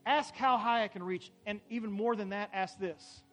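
A man preaching a sermon as a pastor, building emphatically to loud climaxes and having the congregation repeat phrases. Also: high-pitched, normal speed, faint music behind. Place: church sanctuary.

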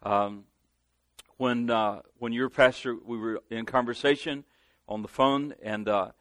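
A man's voice: medium pitch, steady tone, measured pace, fairly bright tone, no room sound. Southern US male guest preacher, earnest, calls for amens, dry sound. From Southern United States. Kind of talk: sermon. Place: church sanctuary.

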